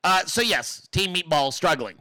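A man's voice: high-pitched, expressive, moderate pace, sharp tone, no room sound, low-quality recording. A man hosting a political commentary show, ranting casually with sarcastic, profane mockery and frequent laughter. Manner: laughs often between remarks. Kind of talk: casual rant.

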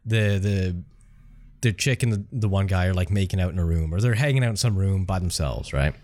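A man's voice: deep voice, a little fast, a little mellow. A man co-hosting a podcast, ranting about a film he disliked, swearing freely and stammering through restarts. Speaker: podcast co-host. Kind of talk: casual chat, ranting film review. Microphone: remote recording, separate room from co-host.

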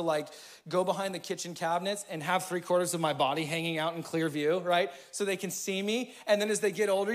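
A man in his thirties preaching a sermon in a church, casual and energetic, with slang. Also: high voice. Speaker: pastor.

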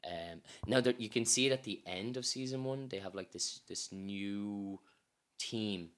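A man from Ireland, chatting casually as a podcast co-host, animated and full of "you know". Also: fairly low pitch, a little slow. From Ireland, Lebanese family. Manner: animated storyteller, acts out quoted voices, says "man" and "you know". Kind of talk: casual chat.

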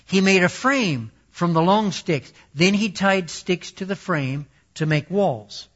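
Slow, measured male storyteller. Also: high-pitched, expressive, fairly bright tone. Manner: slow, deliberate reading. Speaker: storyteller and Bible teacher. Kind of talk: reading a children's story aloud. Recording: dull lo-fi recording.

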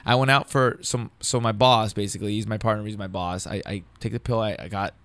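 Man, comedian telling a story, rambling, profane, fast-talking, gravelly, dry close sound. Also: on the low side, fairly even intonation, a bit bright, dry recording. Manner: rambling, profane, says dude a lot. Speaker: podcast guest, stand-up comedian. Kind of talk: casual storytelling chat.

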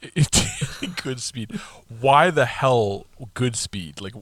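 A man's voice: medium pitch, sing-song, extremely slow, a bit bright, dry recording. A man co-hosting a podcast in casual chat, joking and teasing his partner. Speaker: podcast co-host.

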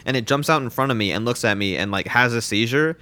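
A man's voice: medium pitch, fast talker, bright, forceful tone, no room sound. A young man co-hosting a casual podcast chat, rambling with lots of fillers and restarts. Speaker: podcast co-host.

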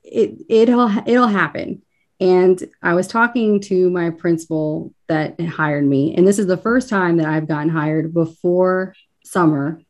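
A woman's voice: fairly low pitch, unhurried, a little mellow. A woman with a light Kentucky accent, a school counselor, speaking thoughtfully in a casual podcast interview and laughing easily at herself.

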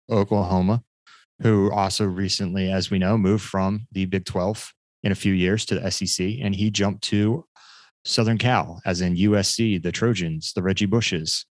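A man's voice: lowish voice, moderate pace, dry recording. A man hosting a casual sports podcast, chatty and jokey, laughing often. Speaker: podcast host.

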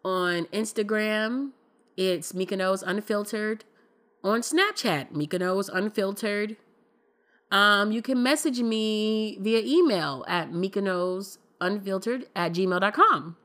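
A woman's voice: medium pitch, takes it slowly, fairly bright tone. A woman hosting a podcast, giving her candid, emphatic opinions in a casual conversational style with colloquial speech. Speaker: podcast host.

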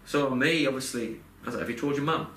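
A man's voice: mid-range voice, fast talker, fairly bright tone. A young man telling a personal story in a rambling, heartfelt way, full of fillers and restarts. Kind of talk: casual podcast chat. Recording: roomy echo, faint background noise.

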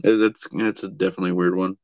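A man with a fairly low voice co-hosts a laid-back podcast chat. He talks bluntly and swears freely, often trailing off with "I don't know." The sound is a little dull and lo-fi, close and dry. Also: flat delivery, fast talker, dry recording. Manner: blunt and profane, with a lot of hedging. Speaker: podcast co-host. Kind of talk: casual chat.

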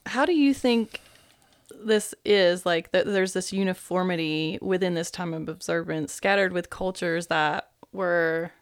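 A woman's voice: lowish voice, unhurried, clean tone, no room sound, studio quality. A woman hosting a podcast interview, curious and agreeable, asking follow-up questions. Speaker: podcast host. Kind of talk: interview conversation.

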